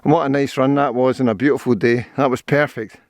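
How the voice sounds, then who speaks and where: A Scottish man, older, talks in a rambling, cheerful way to the camera he carries while out running on a forest trail. His voice sits at an ordinary pitch and sounds close and dry, with no room echo around it. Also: steady tone, fast, creaky. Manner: chatty, rambling, cheerful about scenery. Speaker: vlogger. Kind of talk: casual walking and running commentary.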